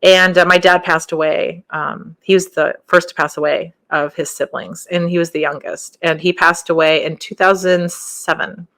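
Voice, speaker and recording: A woman hosting a podcast, talking casually through her stories with frequent laughs and rambling asides, her voice jumping higher whenever she quotes someone. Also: steady tone, normal speed, creaky, few pauses, a bit bright. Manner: jumps up in pitch when quoting others. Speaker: podcast host. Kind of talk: casual spiritual monologue.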